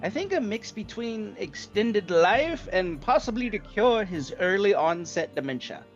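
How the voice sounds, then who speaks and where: A man at an unhurried pace narrates a tabletop game as its dungeon master, his voice rising and falling in lively swings. He talks loosely, with plenty of fillers and laughter. His audio sounds dull and muffled, with faint music playing behind him. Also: high-pitched.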